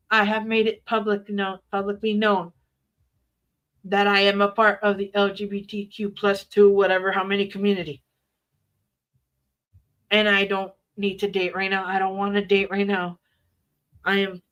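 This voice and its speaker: Blunt, bright-voiced woman streaming live. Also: medium pitch. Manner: blunt, defiant and profane. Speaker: livestreamer. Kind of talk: casual live stream chat.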